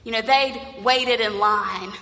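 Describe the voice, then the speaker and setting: A woman's voice: fairly high pitch, slow pace, bright, forceful tone, big-room sound. A woman pastor preaching a sermon, telling a story and acting out the voices in it.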